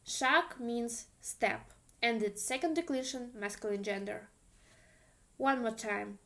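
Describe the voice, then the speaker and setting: A woman's voice: on the high side, expressive, slow pace, fairly bright tone. A woman with a Russian accent teaching an online language lesson, patiently repeating example phrases for learners.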